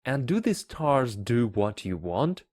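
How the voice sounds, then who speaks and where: A man voicing a soft-spoken curious little prince. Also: mid-range voice, sing-song, slow pace, no echo, clean studio sound. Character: tired, curious young boy prince. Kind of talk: storybook reading for learners.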